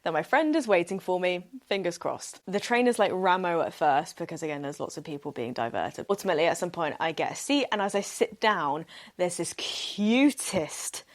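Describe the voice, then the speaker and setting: Her voice is on the low side and expressive, moving at a moderate pace. Hosting her podcast alone, this young woman spins a chatty, upbeat story full of "like," breaking into laughter often and acting out the lines people spoke.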